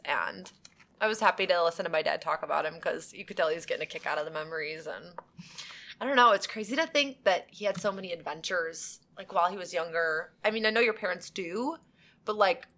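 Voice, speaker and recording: A young woman chatting on a podcast with a bright, forceful voice. She tells a story at an easy, casual pace, acts out the people she quotes and laughs between lines. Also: medium pitch. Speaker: podcast co-host. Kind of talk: casual chat.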